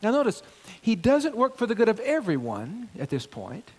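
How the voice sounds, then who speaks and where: A middle-aged pastor with a high, slightly breathy voice preaches to his church congregation at normal speed. His sermon is animated, moving through the verses and hitting key phrases with rising emphasis.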